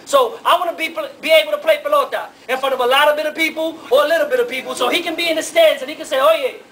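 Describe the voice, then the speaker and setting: A man's voice: very high voice, fairly even intonation, racing, pushed and bright, a little hiss or hum. A man voicing a cheeky, eager Dominican boy in Harlem with a Dominican Spanish accent, who mixes in Spanish words. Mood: earnest. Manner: drops Spanish words, says "oye, eh". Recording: live hall from afar, audience.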